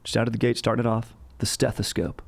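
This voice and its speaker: This man speaks fast in a gravelly, mid-range voice with a level tone. He hosts a podcast and rambles jokingly through casual comedic history chat, dropping "dude" constantly in slangy bro fashion.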